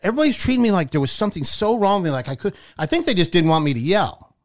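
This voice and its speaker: A man co-hosting a radio talk show, telling a wry, animated story in casual chat. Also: high-pitched, very fast.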